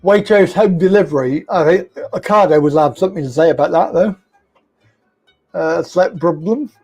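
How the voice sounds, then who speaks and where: A man with a high voice hosts a comedy phone-in. He teases his callers and laughs a lot as he talks. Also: a little mellow, slightly rough. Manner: laughs often, jokey and teasing. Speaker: host.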